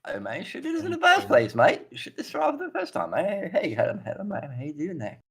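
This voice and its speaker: A man voicing a scruffy male thief in a tabletop game, squealing and protesting in a shrill, frantic way. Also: huge pitch swings, brisk, creaky, fairly bright tone, slightly rough, full character voice. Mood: pleading.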